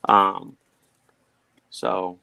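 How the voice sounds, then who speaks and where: A man's voice: sits low, completely flat delivery, drawn-out words, vocal fry, pushed and bright, clear, resonant tone, dry recording. A man who organizes a charity fundraiser, talking in an earnest, chatty way with many fillers. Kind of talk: casual livestream chat.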